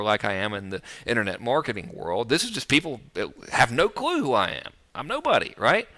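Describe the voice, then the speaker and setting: Man, casual marketing talk, joking, lively swinging pitch, bright tone. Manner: joking, breezy and animated, with playful sound effects. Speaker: online marketing teacher. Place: outdoors overlooking the ocean.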